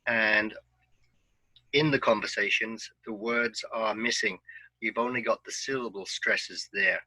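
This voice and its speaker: A man teaching an online English pronunciation lesson, giving patient, clear instructions. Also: on the low side, fairly even intonation, measured pace, sharp tone, no echo, rough recording.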